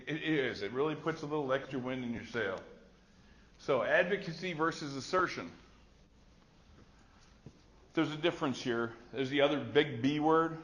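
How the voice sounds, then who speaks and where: A middle-aged man teaches a class of health workers in a conversational, storytelling way, often acting out what people said. His voice sits at an average pitch. The recording is slightly muffled and dull. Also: fairly bright tone. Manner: conversational, storytelling with acted quotes. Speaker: nursing instructor. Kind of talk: classroom lecture.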